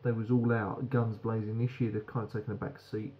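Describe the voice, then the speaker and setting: A man's voice: on the low side, flat delivery, brisk, dull audio, a little hiss or hum. A British man giving a frank, rambling beer review that swears casually.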